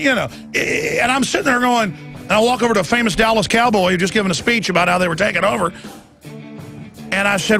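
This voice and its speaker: A man hosting a radio talk show, ranting in a heated monologue and often shouting as his pitch climbs. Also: fast, vocal fry, faint music behind. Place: radio studio.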